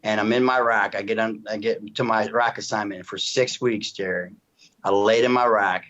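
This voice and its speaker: A man's voice: on the low side, steady tone, moderate pace, a bit bright. A middle-aged man giving an earnest, emotional personal testimony in a casual interview, often restarting and asking "you know what I mean". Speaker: interview guest. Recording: dull lo-fi sound.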